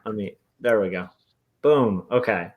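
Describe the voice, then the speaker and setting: A man's voice: lowish voice, a little slow, narrow, tinny audio. A man co-hosting an artists' podcast, upbeat and thinking aloud with fillers as he shows his work. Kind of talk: casual chat.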